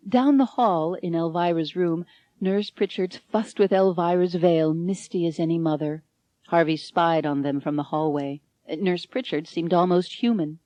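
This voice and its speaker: A woman narrating an unabridged audiobook in a warm storytelling manner, close to the mic. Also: on the low side, normal speed, dry recording, highs cut off. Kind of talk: scripted narration.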